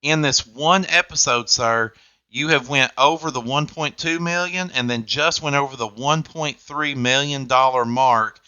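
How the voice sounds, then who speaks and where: Bright, upbeat game show host man. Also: mid-range voice, a little slow, clean tone, dry recording, highs cut off. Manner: upbeat, jokey patter.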